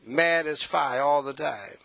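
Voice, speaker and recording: Brief: male pastor, animated scolding sermon, bright edge, dry close sound. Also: on the high side, slow, vocal fry, no echo, lo-fi sound. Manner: animated, scolding, addresses the congregation directly.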